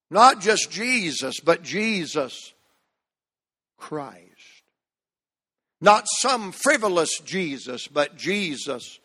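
A man preaching a sermon as pastor, slow and emphatic, drawing out key words. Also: high-pitched, big pitch swings, sharp tone, in a large hall. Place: church sanctuary.

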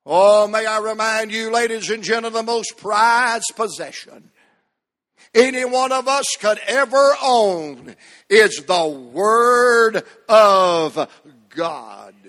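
A high, bright-voiced male pastor preaching in a church sanctuary. He talks slowly and builds emphatic, repeated phrases to loud peaks. Long reverb from the hall trails every line. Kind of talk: sermon.

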